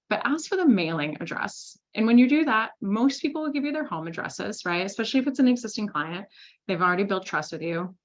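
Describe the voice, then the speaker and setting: Lively chatty woman teaching sales. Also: medium pitch, dull audio. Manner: lively, chatty storytelling with quoted asides. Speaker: sales trainer. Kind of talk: recorded masterclass talk.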